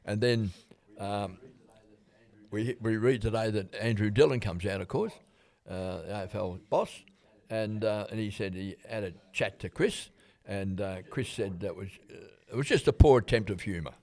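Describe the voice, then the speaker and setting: A man's voice: fairly low pitch, unhurried, a little mellow. Chatty older Australian man. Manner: rambling, chuckling, lots of fillers. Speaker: podcast co-host. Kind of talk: casual footy chat.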